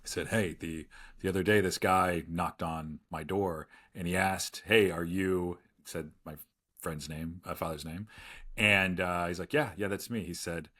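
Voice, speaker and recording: Bright-toned man rambling through a story. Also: sits low, fairly even intonation, unhurried. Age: 40s. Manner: rambling storyteller, many restarts and quoted asides. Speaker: podcast co-host. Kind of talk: casual podcast chat.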